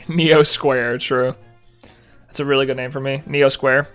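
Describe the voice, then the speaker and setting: A man's voice: medium pitch, flat delivery, measured pace, fairly bright tone, soft background music. A young man chatting casually on a live stream, reading chat aloud and answering in mock annoyance, laughing between lines.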